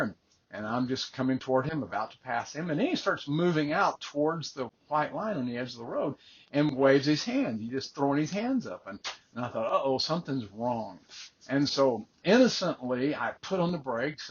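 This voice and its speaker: Husky older man telling a faith story. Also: mid-range voice, muffled recording. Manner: earnest, repeats words when starting phrases. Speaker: life coach. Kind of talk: personal story, faith-based coaching talk.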